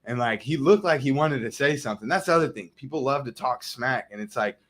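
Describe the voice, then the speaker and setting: A man, a podcast guest, telling casual stories in a studio and acting out scenes with loud quoted lines. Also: medium pitch, fast talker. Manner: animated, acts out scenes with shouted quotes. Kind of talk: casual storytelling.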